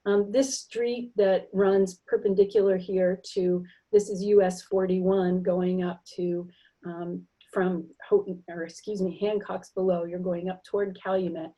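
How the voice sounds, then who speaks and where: A middle-aged woman gives an explanatory linguistics lecture. Her voice is warm and mellow with a slightly husky edge. She demonstrates example sounds aloud and fills pauses with the odd um. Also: lowish voice, level tone, poor audio. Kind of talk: recorded library lecture with slides.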